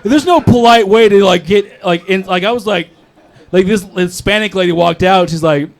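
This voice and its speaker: A man's voice: sits high, moderate pace. A young man doing a crude, rambling open mic stand-up set on a comedy club stage, talking into a handheld mic.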